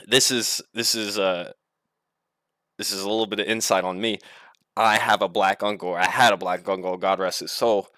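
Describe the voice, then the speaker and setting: A man's voice: on the low side, fairly even intonation, normal speed, pauses often, a bit bright, clear, resonant tone, no room sound, clean studio sound. A young man telling a story casually as a vlogger, rambling and swearing freely. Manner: rambling, profane, laughs while telling.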